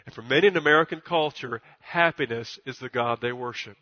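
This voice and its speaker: A male pastor preaching a sermon in church, emphatic and repeating himself, climbing to loud peaks and stumbling over words at times. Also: mid-range voice, quick pace. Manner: stutters at times. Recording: dull recording with long church reverb.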